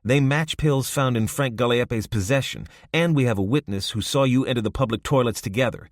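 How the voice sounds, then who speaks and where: A man doing a stern, gruff male detective. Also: medium pitch, fairly quick, no room sound, clean studio sound, voice pushed up, close to an everyday voice. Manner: stern, barking. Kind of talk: audiobook character voice.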